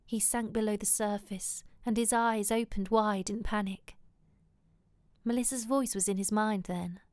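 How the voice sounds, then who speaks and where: Slow, soft-spoken woman reading romance. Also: mid-range voice, fairly even intonation, no room sound. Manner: soft, intimate, often whispered narration. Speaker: audiobook reader.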